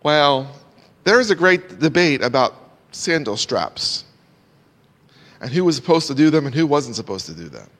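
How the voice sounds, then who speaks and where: Male preacher, expository sermon, animated rises and hushed drops, church hall echo. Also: fairly high pitch, normal speed, pauses often. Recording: long hall reverb.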